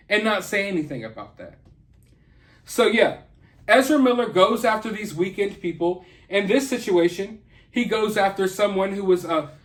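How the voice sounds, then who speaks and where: A man's voice: high-pitched, a bit bright. A man hosting an opinion commentary vlog, talking in an indignant, emphatic and mocking way. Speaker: commentary channel host.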